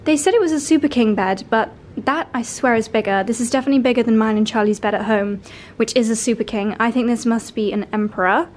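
A woman's voice: a little high, fast talker, few pauses, slight background noise. A woman, gushing with delight as she films a vlog tour of a luxury hotel room. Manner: gushing, breathless with delight, repeats exclamations. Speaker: fashion and lifestyle vlogger. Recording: music playing under the voice.

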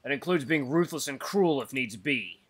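A man's voice: mid-range voice, expressive, moderate pace, a bit bright. A man voicing a serious young male wolf heir as he reads a visual novel aloud, with an earnest, solemn delivery. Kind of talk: voiced visual novel reading.

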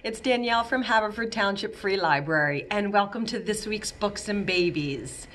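A woman librarian reading a picture book aloud for babies, in an animated, sing-song storytime manner, sometimes acting out a toddler's wails and screams. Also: mid-range voice, moderate pace, slight background noise. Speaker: children's librarian.

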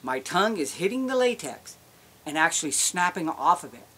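An elk calling instructor with a fairly high voice and big pitch swings demonstrates how to make elk calls at a moderate pace. His explanation is folksy and step by step, and the recording is very noisy.

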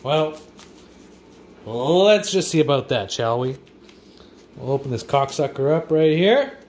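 Profane man, lively pitch. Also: measured pace. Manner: crude, profane, rowdy banter. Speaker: vlogger. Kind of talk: casual food review vlog. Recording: faint background noise.

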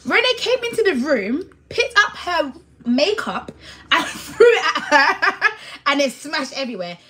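A woman, hosting a livestream and telling stories in a casual chat, laughing often and quoting friends in animated bursts. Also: high voice, a little slow. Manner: laughs often, animated retelling with quoted voices. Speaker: livestream host.

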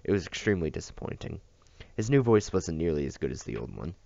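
Deep-voiced man reading a novel. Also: quick pace, vocal fry, muffled recording. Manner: steady reading with small slips and restarts. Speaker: audiobook reader.

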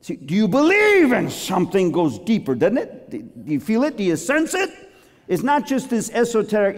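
Theatrical male preacher, lively swooping pitch, long hall reverb. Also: moderate pace. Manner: animated, theatrical, joking storyteller. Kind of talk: sermon.

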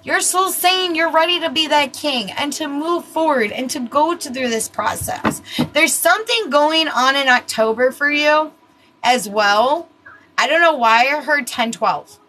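A woman's voice: high voice, measured pace, bright, forceful tone, a little hiss or hum, low-quality recording. A woman giving casual live tarot readings, talking bluntly and chattily, swearing freely and laughing at herself. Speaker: tarot reader.

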